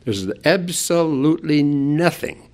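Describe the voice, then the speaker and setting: A man's voice: a little high, takes it slowly, darkish tone. An older man preaching a sermon, earnest, leaning hard on key words and quoting scripture. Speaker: pastor.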